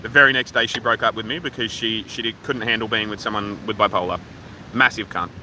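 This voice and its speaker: A fairly low-pitched, steady, sharp-toned voice comes through a little fast over poor audio with slight background noise. It belongs to an Australian livestream host at an outdoor waterfall park, streaming from his phone, rambling profanely and casually as he reads viewer comments.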